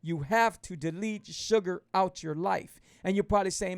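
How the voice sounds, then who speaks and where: A middle-aged man, hosting his own live show as a keto coach. He talks loosely and fervently, repeating himself as he pitches to viewers. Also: moderate pace, smooth, no room sound, clean studio sound. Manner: loose and conversational, many restarts. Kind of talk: live-stream talk to viewers.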